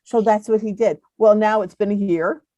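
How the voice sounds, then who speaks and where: A woman in her seventies speaks as a podcast guest, spinning stories in a chatty, easy way and laughing often. Her voice sits warm and mellow, recorded dry and close. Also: medium pitch, steady tone, normal speed, dry recording. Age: 70s. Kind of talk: casual interview chat.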